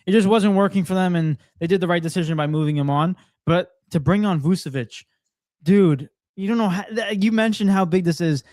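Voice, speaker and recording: A man's voice: sits high, a little mellow, no echo. Confident opinionated man, dry mic. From Portuguese heritage. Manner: confident, opinionated, quick bursts. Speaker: co-host. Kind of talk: casual sports chat.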